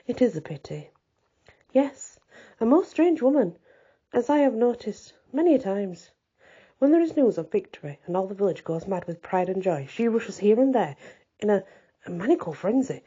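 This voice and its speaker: A woman voicing a talkative old peasant father who rambles and repeats himself in a husky voice. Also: mid-range voice, mellow, lo-fi sound. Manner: rambling, repetitive telling.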